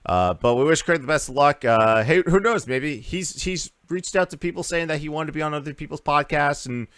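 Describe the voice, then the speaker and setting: A man's voice: on the high side, lively intonation, a little fast, a bit bright, dry recording. A man hosting a casual gaming podcast, rambling through news with lots of uhs and restarts. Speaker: podcast host.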